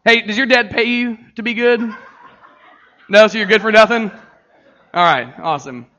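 A man's voice: high voice, normal speed, dull audio. A middle-aged male pastor preaching a sermon, joking with the congregation and then turning earnest and emotional. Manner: animated, jokey, crowd-engaging.

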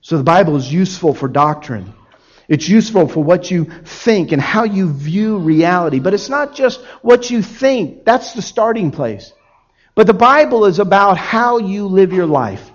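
Animated male pastor, 40s, lively sermon delivery, lo-fi recording. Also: high-pitched, moderate pace. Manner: animated, acts out quoted voices in his examples.

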